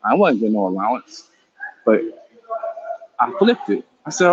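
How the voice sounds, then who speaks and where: A man from East Oakland, California, hosting a casual chat and telling stories in a profane, laughing, animated way into a handheld phone at home. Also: medium pitch, normal speed, pauses often, dull audio, crowd noise. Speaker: host.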